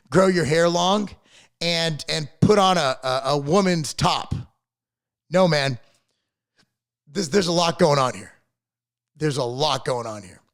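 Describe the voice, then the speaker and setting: A middle-aged man rants straight to camera on his own channel, and his voice sits notably high for a man. He talks bluntly and swears freely. He rambles and trips over repeated words as his thoughts pile up. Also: fairly bright tone. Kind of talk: casual opinion rant to camera.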